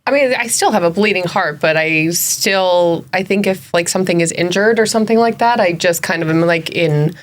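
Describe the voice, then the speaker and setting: A woman co-hosting a podcast, telling an animated story in casual chat and laughing as she talks. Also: fairly low pitch, moderate pace, hardly any pauses. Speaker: podcast co-host.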